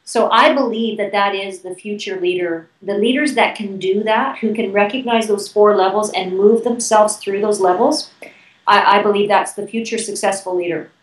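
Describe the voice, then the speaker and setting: A woman with a Canadian accent speaks at a middling pitch, laying out ideas at length as an interview guest. She falls back on "you know" and restarts now and then. Her voice sits a little away from the microphone in a roomy, echoing space. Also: fairly even intonation, moderate pace, far from the mic. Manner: articulate, explanatory, frequent fillers and restarts. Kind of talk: conversational interview answers.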